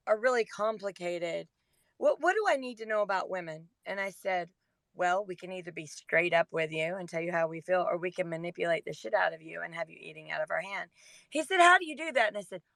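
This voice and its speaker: A woman in her forties co-hosting a podcast, telling a story in a chatty, animated way. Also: mid-range voice, no echo. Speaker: podcast co-host. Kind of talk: casual storytelling.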